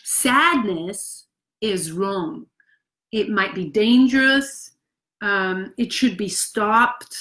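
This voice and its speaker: Woman acting coach, mid-pitched voice, calm and reflective, pauses often. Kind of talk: teaching to camera.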